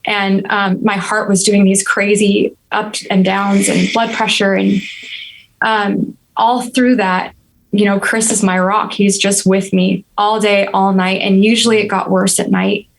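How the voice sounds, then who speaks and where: A woman in her thirties speaks as a podcast guest, recounting a personal ordeal with earnest, reflective candor. Her pitch sits in a middle register and stays fairly level, with little rise and fall. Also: measured pace, vocal fry, low-quality recording. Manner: earnest, reflective, steady and even-toned. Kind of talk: candid personal storytelling.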